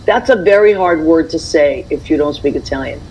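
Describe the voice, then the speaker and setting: A woman chatting as a radio guest, an animated storyteller who laughs often. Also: low-pitched, brisk, a little hiss or hum, low-quality recording. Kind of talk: casual chat.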